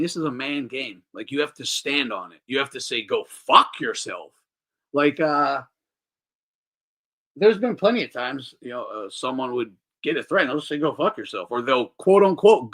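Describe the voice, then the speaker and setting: A man hosting a boxing talk show, giving casual, profane, mocking commentary and answering his chat. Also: fairly high pitch. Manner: animated, swearing, mocking, reading chat aloud.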